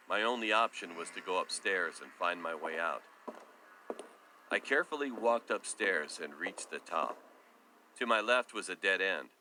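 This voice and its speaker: A man reads a creepy first-person storytime script. His voice is on the low side but very bright and forceful, and faint noise sits underneath. He keeps the reading steady and even. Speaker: story narrator.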